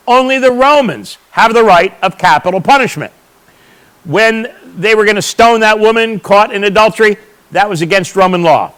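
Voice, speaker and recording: A man's voice: sits high, fairly bright tone, clear, resonant tone, rough recording. A man teaching a church audience, explaining points emphatically and answering his own questions. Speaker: Bible teacher.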